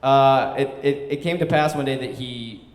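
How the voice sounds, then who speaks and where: A man's voice: medium pitch, moderate pace. A young man in his twenties telling a story on stage, loose and chatty, full of "like" and laughs. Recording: echoey hall.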